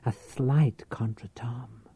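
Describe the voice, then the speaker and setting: A man voicing a fussy male social secretary who lisps and speaks in a discreet, formal hush. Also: medium pitch, lively intonation, unhurried, no echo, close to an everyday voice. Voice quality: lisp, hushed whisper.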